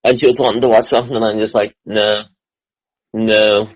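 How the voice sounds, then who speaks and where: A man's voice: medium pitch, flat delivery, racing, husky, no echo. A man, a podcast guest, telling stories in easy, sweary casual chat. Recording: dry, slightly muffled lo-fi.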